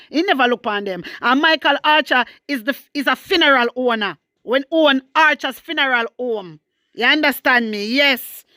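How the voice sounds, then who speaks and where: A Jamaican woman vlogger with a high, bright voice tears into her subject with fiery, scolding commentary, sliding into patois. The recording is close and dry, with no room sound. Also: no echo. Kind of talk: opinionated commentary vlog.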